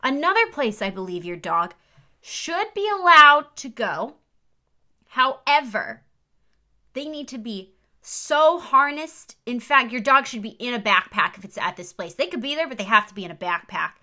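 A woman's voice: mid-range voice, sharp tone. A woman delivering a comic monologue rant, sarcastic and emphatic in an exasperated way. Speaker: comedic ranter.

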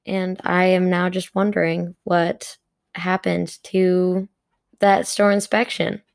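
A woman's voice: on the low side, little pitch movement, slow pace, vocal fry, clear, resonant tone. A young woman in casual storytime chat about a shift at her retail job, talking with lots of "like" and stifled giggles. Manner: chatty, giggly, full of "like" fillers. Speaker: retail worker telling a story.

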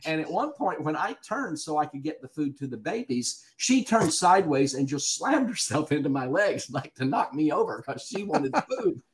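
A guest actor with a Southern US accent chats and tells stories in a casual podcast interview, laughing often. His voice is a little high with big pitch swings, at a moderate pace with few pauses.

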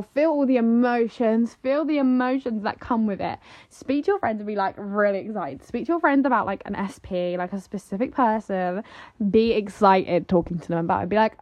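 A woman's voice: medium pitch, expressive, fast talker. A young woman, chatting casually in a vlog and saying "like" and "literally" all the time. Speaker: vlogger. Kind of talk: casual chat. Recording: slightly dull lo-fi audio.

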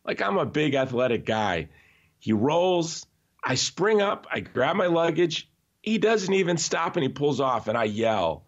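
A man talking as a podcast guest in an emphatic, animated way, often restarting his sentences. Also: medium pitch, unhurried. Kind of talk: conversational podcast interview. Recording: slightly dull, lo-fi audio.

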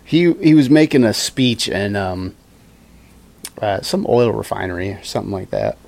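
A man's voice: on the low side, sing-song, normal speed, gravelly, a little mellow. A man co-hosting a casual chat, rambling and laughing as he reads quotes aloud. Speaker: podcast co-host.

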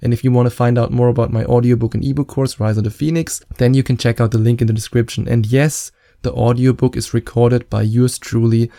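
A man's voice: mid-range voice, flat delivery, brisk, gravelly, hardly any pauses, dark tone, dry recording, clean studio sound. A man with a German accent, giving dating advice in a playful, joking vlog. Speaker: dating coach.

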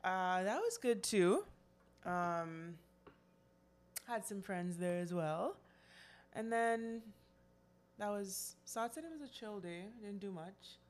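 Woman, podcast co-host, chatty, lots of "like", middle pitch. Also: expressive, slow, long pauses. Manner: chatty, heavy use of "like", hesitant restarts. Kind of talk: casual chat.

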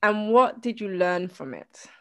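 A woman hosting a casual interview, unhurried and a little playful as she leads into a question. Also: mid-range voice, lively intonation, fairly bright tone. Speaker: podcast host.

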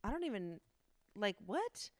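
A young woman co-hosting a podcast, telling a story in a casual, animated way with a lot of slang and swearing. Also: mid-range voice, a little slow, dry recording. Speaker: podcast co-host. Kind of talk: casual chat.

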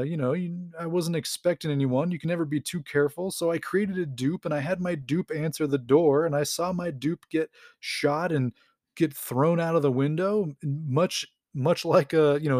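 A man voicing a jittery, defensive young man who stammers through a rushed account. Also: a little high, a little mellow, no echo, studio quality, close to an everyday voice.

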